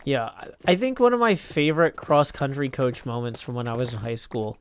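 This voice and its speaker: This Tennessee streamer speaks with medium pitch and a clean tone, very animated and fairly quick. Playing a block-building game on a live stream, he chats loosely and wanders through stories, restarting often and leaning on "like" and other fillers.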